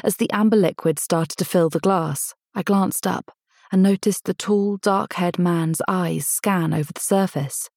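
A woman narrating a first-person novel in a measured, intimate storytelling manner, lightly voicing the dialogue. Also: on the low side, a little mellow, no room sound, studio quality. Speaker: audiobook narrator.

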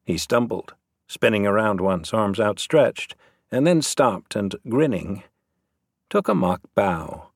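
Low gravelly male narrator. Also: takes it slowly, no room sound, studio quality. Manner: lively storytelling, voices the characters. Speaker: audiobook narrator. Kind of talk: scripted narration.

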